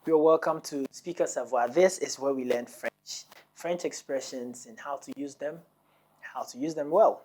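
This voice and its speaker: A woman's voice: very deep voice, moderate pace, a little mellow. A woman hosting a French lesson, patiently quizzing listeners and repeating words for them to copy. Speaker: French teacher. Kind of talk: language lesson.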